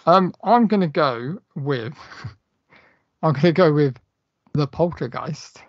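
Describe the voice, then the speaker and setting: A man's voice: a little high, expressive, slow pace, no echo. A man co-hosting a horror podcast, chatting enthusiastically and rambling, laughing often. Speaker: podcast co-host. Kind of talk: casual chat. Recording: dry, muffled podcast audio.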